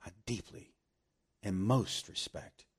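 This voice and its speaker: A man preaching a sermon, animated and laughing often, slowing right down to stress scripture. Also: lowish voice, breathy edge.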